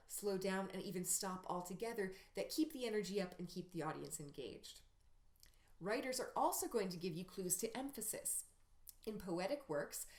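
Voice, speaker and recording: A woman teaching acting text work in a recorded workshop lesson, explaining clearly and acting out sample lines. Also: mid-range voice, echoey room. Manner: clear, explanatory teaching with demonstrated line readings.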